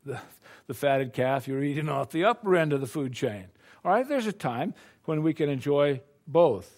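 A man's voice: fairly high pitch, animated, moderate pace, darkish tone. An older American man preaching a sermon in a folksy, conversational way, full of rhetorical questions. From United States.

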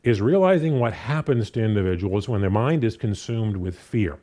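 A man's voice: fairly low pitch, moderate pace. A man preaching a sermon, talking through a scripture passage with lots of fillers and restarts. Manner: animated, many fillers and restarts. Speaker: pastor.

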